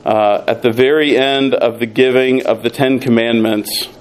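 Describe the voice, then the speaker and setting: Man teaching scripture, halting and measured. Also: medium pitch, fairly even intonation, slight background noise, poor audio. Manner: measured, frequent "uh" fillers, reads scripture aloud. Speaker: pastor teaching a Bible study. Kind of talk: expository Bible teaching.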